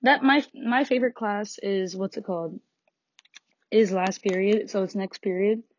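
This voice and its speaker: A teenage girl, a high school student, venting about school in a frustrated, sarcastic rant, swearing and laughing between lines. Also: normal speed, highs cut off. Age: teens.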